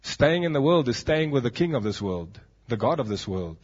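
A man's voice: mid-range voice, sing-song, normal speed, a little mellow, breathy edge. A South African man preaching a sermon as pastor, emphatic, with dramatic drops in his voice, on a dull lo-fi recording.

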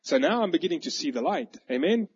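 A man, preaching a sermon with animated, vivid storytelling. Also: a little high, fast talker, husky. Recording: dull lo-fi recording.

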